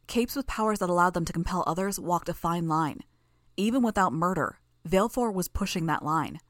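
Woman narrator, audiobook reading, steady delivery, lower voice, dry sound. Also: brisk, no echo.

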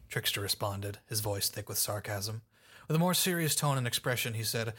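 A man narrating a fan audiobook in a steady, even storytelling manner. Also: lowish voice, normal speed.

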